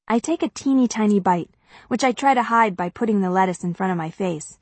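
A woman's voice: mid-range voice, brisk, husky, dry recording. A woman narrating a first-person audiobook in a chatty, confiding way.

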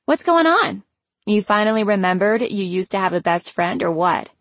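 A woman reading an audiobook, voicing an excitable young woman, a teasing best friend who talks loudly with plenty of exclamation. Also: medium pitch, measured pace, no echo. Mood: breathless teasing. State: out of breath. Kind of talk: audiobook character voice.

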